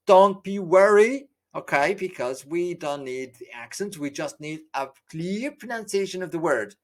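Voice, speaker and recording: Earnest teacher. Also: male voice, fairly high pitch. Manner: earnest, with frequent fillers and restarts. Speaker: English exam teacher. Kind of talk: lecture explaining a course.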